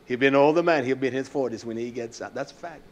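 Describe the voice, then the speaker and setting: A man preaching a sermon in a fiery, scolding style that drops to a quiet, storytelling voice. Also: mid-range voice, quick pace, highs cut off.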